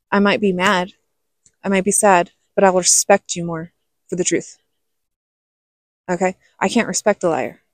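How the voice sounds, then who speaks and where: A woman's voice: medium pitch, a little mellow, no echo, clean studio sound. A middle-aged woman telling her life story to camera in a casual, frank way, often checking in with "okay?". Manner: chatty, frank, with many "okay?" asides.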